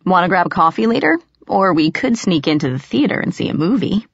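A woman's voice: lowish voice, big pitch swings, a little fast, creaky, husky, no echo, heavily acted. A woman voicing a mischievous teenage boy, teasing and laughing at his neighbor. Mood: needling. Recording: dry, slightly muffled.

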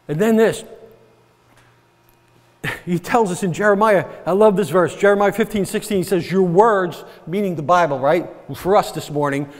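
A man's voice: high voice, normal speed, big-room sound. A man pastor preaching a sermon, earnest and repetitive, often checking with the congregation. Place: church sanctuary.

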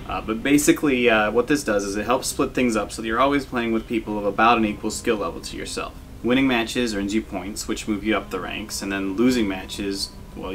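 Relaxed low-voiced man commenting on a game. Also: a little hiss or hum. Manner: relaxed, self-deprecating, frequent fillers. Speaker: gaming video host. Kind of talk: casual game commentary over gameplay.

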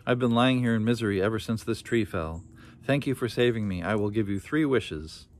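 A man's voice: on the low side, fairly quick, lightly acted. A man voicing a grateful, cheeky male imp in a storybook reading.

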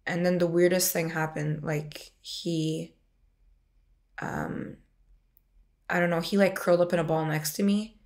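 A young woman in her twenties with a low, gravelly voice tells her own story in a loose, rambling flow. She stumbles through restarts and fills her sentences with "like." Her retelling carries plain emotion. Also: fairly even intonation, measured pace, pauses often, a little mellow. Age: 20s. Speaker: interviewee sharing a personal story. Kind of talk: casual personal storytelling.

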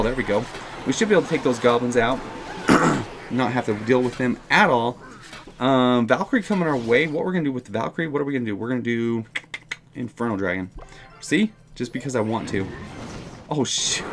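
An excitable young man from the United States talks through a strategy game as he plays it, chatting to the viewers and muttering his moves to himself. His voice sits in an ordinary middle register and spikes upward when a play surprises him. Faint music runs underneath. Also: mid-range voice. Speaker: gaming channel host. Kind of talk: live game commentary.

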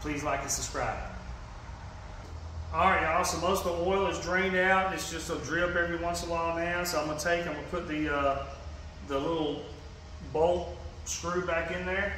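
Folksy and Southern-accented, a Georgia fishing channel host explains a hands-on repair casually, often saying "y'all" and leaning on fillers and restarts. His voice is fairly high, steady, bright, and forceful at normal speed, with slight background noise.

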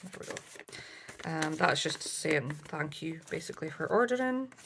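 A woman's voice: sits low, lively intonation, normal speed, vocal fry, background noise. A woman chatting casually through a craft haul, with lots of ums and asides. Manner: chatty, many ums, self-correcting. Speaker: craft vlogger. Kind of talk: casual show-and-tell haul.

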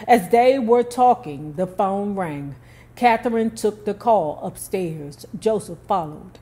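A woman narrates a true story at an ordinary middle pitch, reading steadily. She breaks off now and then for casual, emphatic remarks of her own. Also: lively intonation, slow, mellow.

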